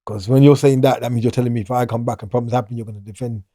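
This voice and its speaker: A man's voice: medium pitch, fairly even intonation, rapid-fire, warm tone, dry recording, clean studio sound. A middle-aged man, talking casually as an interview guest, rambling and restarting his sentences. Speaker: guest, former prisoner.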